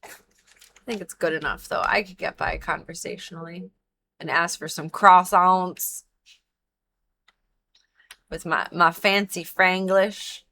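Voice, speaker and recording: A woman's voice: lowish voice, fairly even intonation, slow pace, gravelly, pauses often, sharp tone, a little hiss or hum. Young woman streamer chatting while she plays, rambly and goofy, faint clicks behind her. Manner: chatty, rambling asides with playful silly sound effects. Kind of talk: casual gaming livestream chat.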